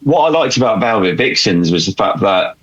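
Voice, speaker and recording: A man's voice: lowish voice, lively intonation, a little fast, a bit bright, breathy edge, muffled recording. A man guesting on a podcast, telling his story in a rambling way with many restarts and fillers, and chuckling as he goes. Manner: chuckles while recounting. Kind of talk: candid storytelling chat.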